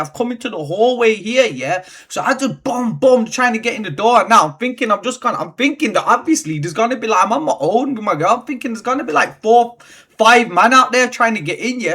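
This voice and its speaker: Male vlogger, bright forceful tone, sweeping pitch, slangy storytelling. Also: a little fast, slightly rough. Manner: animated, slangy, swears often. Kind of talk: casual storytelling.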